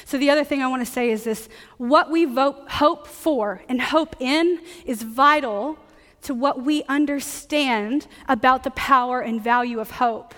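High-voiced woman preaching in a big hall. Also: measured pace, fairly bright tone. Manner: conversational, joking preaching. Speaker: pastor. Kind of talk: sermon.

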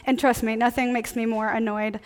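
A woman pastor preaching a sermon in a relaxed, conversational way, joking with her congregation. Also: on the high side, a little fast, big-room sound.

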